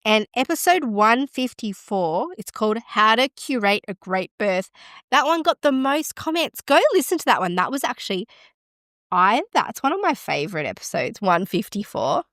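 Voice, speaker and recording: Excitable woman podcast host. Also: a little high, moderate pace, no room sound, studio quality. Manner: excitable, gasps and exclaims while reading stats aloud. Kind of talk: casual podcast chat.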